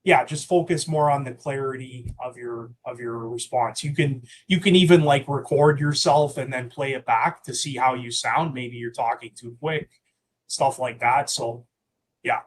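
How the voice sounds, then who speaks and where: A man's voice: medium pitch, normal speed, slight background noise. A man who represents the test organisation, answering in a reassuring, easygoing way with many fillers. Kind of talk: webinar Q&A.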